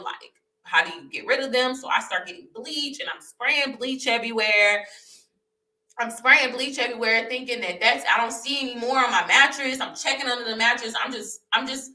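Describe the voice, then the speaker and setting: A young woman vlogging her personal testimony, telling the story candidly and animatedly, repeating herself and laughing. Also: on the high side. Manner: animated, repetitive, laughing as she recounts. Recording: roomy echo, voice a bit far from the mic.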